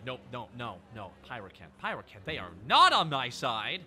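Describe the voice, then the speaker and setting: A male streamer chatting casually and excitably, laughing often and swearing freely. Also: medium pitch, moderate pace, faint music behind. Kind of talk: casual chat.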